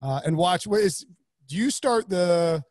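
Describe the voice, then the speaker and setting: Brief: high-pitched male host, dry close sound, casual and rambly. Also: animated, unhurried, darkish tone, dry recording. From North Carolina, US. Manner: rambling, joking, many restarts. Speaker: podcast host. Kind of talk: casual podcast chat.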